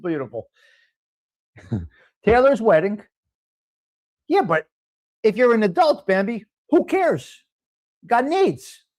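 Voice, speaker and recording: New man, live-stream host, blunt and crude, chats casually with viewers. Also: high voice. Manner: blunt, crude, laughing, talks straight to chat viewers.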